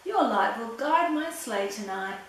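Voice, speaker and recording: A woman voicing jolly old Santa in a storybook reading, with a booming put-on voice. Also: expressive, a little slow. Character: jolly old Santa, grumbling then cheerful. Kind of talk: storybook read-aloud. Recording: very echoey, far from mic, faint hiss.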